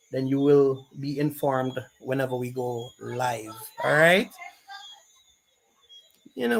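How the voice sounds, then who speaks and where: A man with a Jamaican accent hosting a casual live stream, reading viewer comments aloud and greeting people by name. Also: fairly high pitch.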